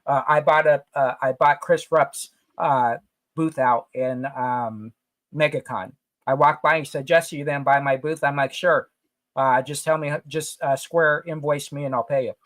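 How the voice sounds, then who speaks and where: A man co-hosting a casual podcast, telling stories in an emphatic, animated way. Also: medium pitch, a little slow, no echo. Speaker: podcast co-host, comic retailer. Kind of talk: casual chat.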